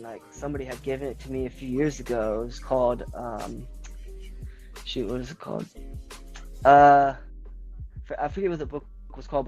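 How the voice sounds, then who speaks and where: A man speaks as a guest on a conversational show and tells a personal story in a loose, rambling way. He keeps reaching for "like" between his phrases. His voice sits at an ordinary middle pitch, with faint music underneath. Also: darkish tone, low-quality recording. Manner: rambling, leans heavily on filler "like". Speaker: podcast guest.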